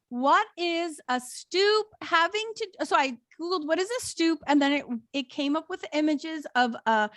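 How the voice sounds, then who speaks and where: An American woman with a high voice tells an old folk tale on a podcast, reading passages aloud in a lively storytelling way. Her voice sits close and dry, with no room sound around it. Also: no room sound. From United States. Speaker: podcast co-host. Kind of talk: casual chat, retelling a folk tale.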